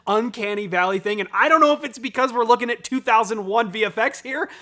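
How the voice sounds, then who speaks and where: A man hosting a music analysis video, talking in an animated, enthusiastic, explanatory way. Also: very high voice, fast talker. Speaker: host.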